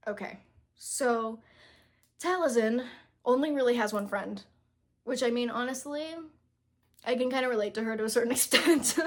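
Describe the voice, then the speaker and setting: A chatty young woman with a fairly high voice reviews a book to camera. She rambles through fillers and restarts, and she trips over words when she reads passages aloud. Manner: chatty, self-deprecating, frequent fillers and restarts. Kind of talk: casual book review chat.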